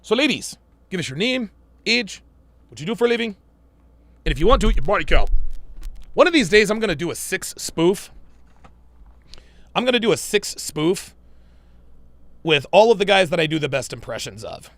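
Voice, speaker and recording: A man's voice: sits high, very animated, moderate pace, vocal fry, pauses often, no room sound. A man hosting a podcast, reacting to clips in blunt, profane casual commentary with lots of emphatic repetition.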